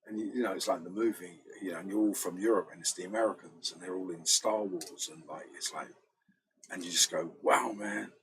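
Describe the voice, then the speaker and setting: A British man, a bass player, chatting casually in a rambling storytelling way, often acting out other people's voices. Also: fairly even intonation, brisk, a bit bright, breathy edge, low-quality recording. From Britain. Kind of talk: casual chat.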